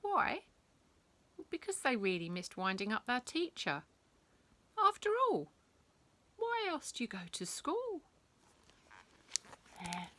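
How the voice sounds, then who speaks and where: A woman reading a bedtime story, animated, acting out sound effects and dropping to whispers. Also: fairly high pitch, slow, long pauses, a little hiss or hum.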